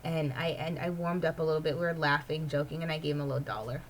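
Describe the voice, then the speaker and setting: A woman's voice: low voice, steady tone, fast talker, a little hiss or hum, rough recording. A woman vlogger in casual personal chat, rambling and filling her talk with "like". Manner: rambling, heavy use of "like".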